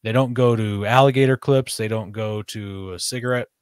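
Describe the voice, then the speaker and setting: A man's voice: lowish voice, steady tone, moderate pace, smooth, no room sound, studio quality. A man chatting casually on a podcast, rambling with fillers and restarts. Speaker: podcast host. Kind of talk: casual chat.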